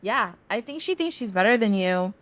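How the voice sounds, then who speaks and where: A woman's voice: medium pitch, animated, normal speed, a bit bright, no room sound, natural voice. A woman voicing a boastful, scheming male trickster spirit in a retold myth. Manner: smug, conniving.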